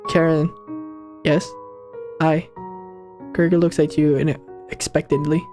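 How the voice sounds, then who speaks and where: A man's voice: on the high side, measured pace, over music. Slangy young man reacting to a game. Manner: casual slangy banter, excitable outbursts. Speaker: gaming channel host. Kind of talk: let's play commentary, reading game dialogue aloud.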